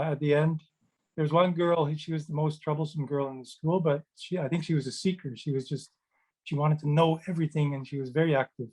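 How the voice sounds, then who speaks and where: Over poor audio, a middle-aged man on a video call chats casually with children, his voice a little high and a little mellow. A children's book author and meditation host, he tells rambling anecdotes full of fillers and restarts.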